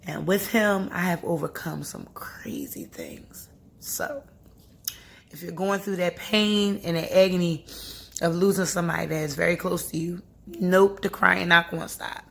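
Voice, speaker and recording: A woman's voice: lowish voice, steady tone, normal speed, vocal fry, fairly bright tone. A young woman vlogging to camera, talking earnestly and encouragingly about faith and grief, with frequent laughs. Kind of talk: casual heartfelt talk to camera.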